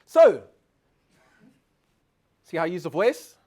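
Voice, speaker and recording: A high-pitched man delivers a keynote at a conference. He asks his audience questions as he goes. His voice moves from a low, flat murmur up to a loud, rousing call. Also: moderate pace. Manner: dramatic swings in loudness and pitch to demonstrate voices. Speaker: keynote speaker. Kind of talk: conference keynote on presentation skills. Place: conference hall.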